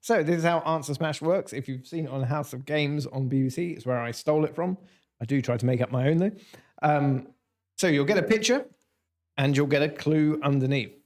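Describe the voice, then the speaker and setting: A man's voice: on the high side, fairly quick. Man hosting a quiz, jokey. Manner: jokey, punning, reading out answers. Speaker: quiz host. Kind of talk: casual livestream quiz hosting.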